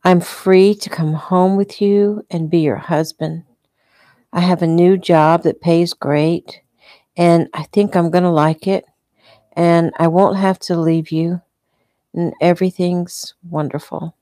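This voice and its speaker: A woman voicing an injured young husband in a hospital bed, speaking softly and slowly. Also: lowish voice, steady tone, no echo, studio quality. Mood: tender.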